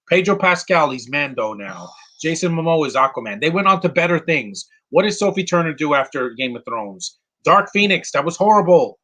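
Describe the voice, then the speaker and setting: Rambling opinionated man with a husky voice. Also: medium pitch, fairly bright tone, low-quality recording. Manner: rambling, opinionated, frequent fillers and restarts. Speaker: movie commentator. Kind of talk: casual live movie commentary.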